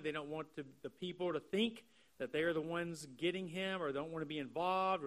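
A man with a notably high voice preaching an expository sermon. He talks earnestly and walks through the text line by line. He draws out key phrases slowly for emphasis. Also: a bit bright. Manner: earnest, explanatory, slows down to stress key phrases. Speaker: pastor.

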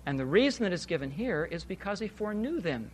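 Quick-paced and emphatic, a man preaches an expository sermon in a voice a little higher than typical for men, driving points home with rhetorical questions and repeated phrases. His delivery stays steady, and there's slight background noise.

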